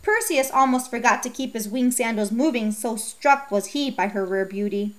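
A woman reads an old myth aloud in storybook style. Her voice sits a little high, and her reading is steady and measured. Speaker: narrator.

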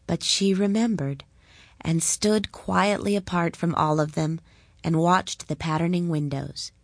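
A woman reading a story aloud in a calm, measured way. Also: fairly low pitch, dry recording, studio quality. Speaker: narrator.

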